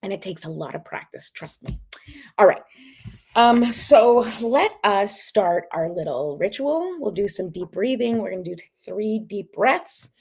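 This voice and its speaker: A woman with a middle-pitched voice hosts a relaxed livestream. She chats easily, checks in with her viewers and coaches them through slow breathing in an encouraging way. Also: gravelly, breathy edge. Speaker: host. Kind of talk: casual livestream talk and guided breathing.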